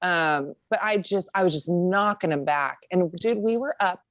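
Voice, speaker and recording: A woman's voice: on the low side, moderate pace, dry recording. A young adult woman co-hosting a podcast, telling a story in casual chat, swearing freely and acting out what people said. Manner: lively storyteller who swears and acts out quotes. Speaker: podcast co-host.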